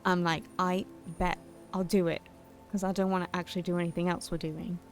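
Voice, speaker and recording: A woman's voice: on the low side, flat delivery, fairly quick, soft background music. A young adult woman streaming a game, chatting casually and rambling to her viewers. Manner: chatty, rambling, talks to chat. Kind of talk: casual gameplay chat.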